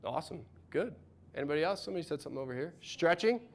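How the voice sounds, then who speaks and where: A man, a mental performance coach, giving an energetic, encouraging workshop talk and asking the room questions. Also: fairly high pitch, rapid-fire. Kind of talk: workshop talk to a live audience.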